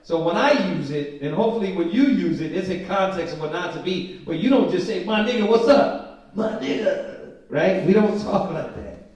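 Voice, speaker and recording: A man teaching a Bible study, reading scripture slowly and with emphasis, then breaking into casual, slangy commentary. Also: sits high, a little mellow. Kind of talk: informal scripture study sermon. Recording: very echoey room from a distant mic.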